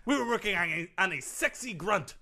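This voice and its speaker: A man's voice: sits high, lively intonation, a little fast, creaky, bright, forceful tone, exaggerated voice. A man playing a pompous eccentric grunt coach. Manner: pompous, theatrical, over-the-top. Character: smug eccentric male tennis grunt coach. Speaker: comedy podcast sketch performer. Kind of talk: improvised comedy sketch.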